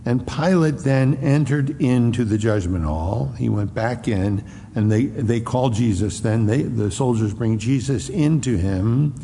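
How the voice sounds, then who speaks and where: A man preaching an expository sermon, acting out the Bible dialogue in a raised voice and dropping to a hushed tone on solemn lines. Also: medium pitch, unhurried, vocal fry, big-room sound, a little hiss or hum. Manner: acts out the dialogue between Pilate and Jesus in a raised voice. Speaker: pastor.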